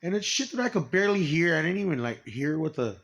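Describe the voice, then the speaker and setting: A man in a rambling personal monologue, swearing often, stopping and restarting, and trailing off quietly. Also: fairly high pitch, animated. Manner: profane, halting, trails off quietly.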